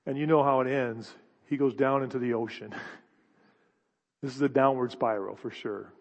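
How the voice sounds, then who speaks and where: A man's voice: medium pitch, fairly even intonation, normal speed, gravelly. A middle-aged man preaching a conversational sermon, often restarting his sentences. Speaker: pastor. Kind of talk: expository sermon. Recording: dull hall reverb.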